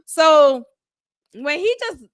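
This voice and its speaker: High bright lady giving her blunt take on a reality show, dry close sound. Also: lively intonation, extremely slow, no room sound. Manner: candid, opinionated, chatty. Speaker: show review host. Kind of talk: casual reality show recap.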